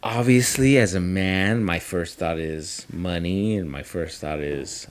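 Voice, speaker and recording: A man in his thirties with a very low voice talks candidly on a podcast. He swears freely and acts out bits of remembered conversations. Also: unhurried. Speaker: podcast co-host. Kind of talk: casual chat.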